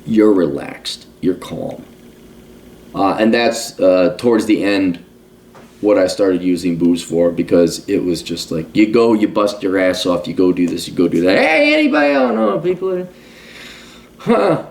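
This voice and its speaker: A man's voice: low voice, fairly even intonation, a little slow, a little mellow. A man in his forties in a casual monologue as a podcast host, blunt and profane, ranting. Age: 40s.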